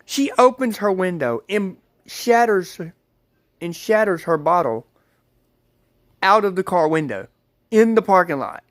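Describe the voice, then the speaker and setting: A man's voice: high-pitched, lively intonation, a little slow, long pauses, no echo, clean studio sound. A man telling a rambling story to his viewers, repeating himself and calling them guys. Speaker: vlogger. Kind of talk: casual storytelling to camera.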